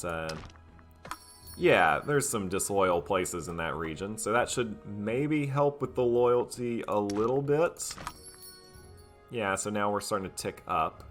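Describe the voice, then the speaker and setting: Low-voiced man commentating a strategy game. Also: fairly bright tone. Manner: musing, playfully boastful, hesitant fillers. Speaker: gameplay commentator. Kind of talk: let's play commentary in role. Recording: faint music behind voice.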